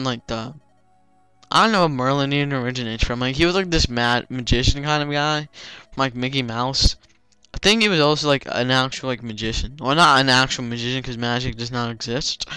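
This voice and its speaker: A man's voice: medium pitch, pushed and bright, clear, resonant tone, no room sound. A young man giving casual let's play commentary, rambling with lots of fillers like "like" and "you know.".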